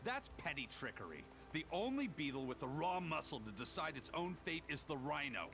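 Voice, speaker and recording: A man's voice: on the high side, big pitch swings, a little fast. An actor voicing a proud, stubborn grown male pirate in a video game, dramatic and argumentative. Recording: game audio with ambient noise.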